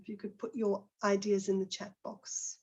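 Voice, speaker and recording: A husky, slightly breathy woman speaking into a computer mic on a video call. She is middle-aged and presents to teachers in a relaxed, conversational way. She throws questions to her audience. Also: medium pitch, moderate pace, lo-fi sound. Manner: conversational, with many fillers and restarts, asks the audience questions. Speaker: teacher trainer giving a webinar talk.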